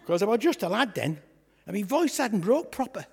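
A man playing a boastful, comic young shepherd lad, chatting and joking with a church congregation in a raspy voice. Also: sits high, sing-song, normal speed, exaggerated voice. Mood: cheeky. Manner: chatty, jokey, asides to the congregation. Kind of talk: comic storytelling sketch in church. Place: church hall. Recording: echoey church hall.

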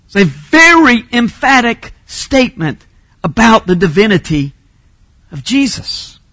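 A man preaching a teaching sermon with a high, bright voice. He explains grammar patiently, then drives his main points home with loud emphasis. The sound is dry and close. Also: sing-song, unhurried, no room sound. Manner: teaching, emphatic, rises to shouting on key phrases. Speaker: pastor.

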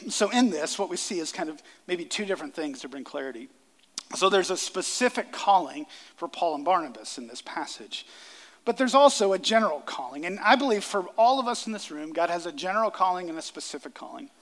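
A male pastor delivers a sermon to his congregation in a slightly high voice, earnest and given to repeating phrases for emphasis. His words ring out with a long reverb, as if recorded in a large church hall. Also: lively intonation, fairly quick, a bit bright. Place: church sanctuary before a congregation.

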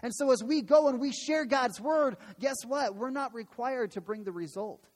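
A man's voice: extremely high pitch, normal speed. A man pastor preaching a sermon in a church, earnest and emphatic, repeating phrases for weight. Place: church sanctuary. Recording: long hall reverb.

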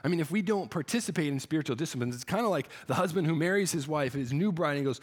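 A man's voice: on the high side, lively intonation, rapid-fire, few pauses. A man preaching a sermon, retelling a story with earnest feeling and frequent restarts. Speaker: pastor.

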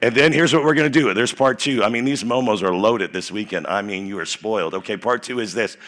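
A young man preaching at a youth rally, energetic and playful, leading the crowd in chants, his voice a little worn. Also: fairly low pitch, fairly quick. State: voice a bit worn. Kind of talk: sermon with crowd call-and-response.

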